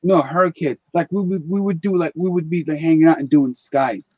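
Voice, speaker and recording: A man's voice: fairly high pitch, a little fast, no echo, lo-fi sound. A man hosting a live stream in casual chat, blunt and rambling, swearing freely.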